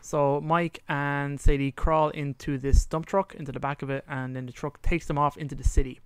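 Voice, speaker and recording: A man's voice: a little high, little pitch movement, normal speed, smooth, no echo. A man co-hosting a podcast in casual chat, animatedly retelling a story and acting out the lines, sometimes trailing off to recall details. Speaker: podcast co-host.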